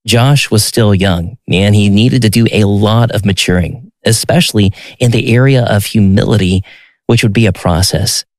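A man narrating a scripted story in a measured, even delivery. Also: on the low side, no echo.

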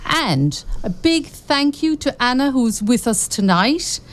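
A woman's voice: fairly high pitch, big pitch swings, slow. A woman hosting a local radio show, chatty and correcting herself as she goes.

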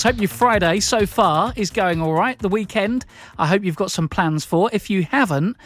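Chatty radio presenter, dry sound. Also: male voice, sits high, dry recording. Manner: chatty, informal, with frequent uhs and self-corrections. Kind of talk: local radio links between songs. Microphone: studio microphone.

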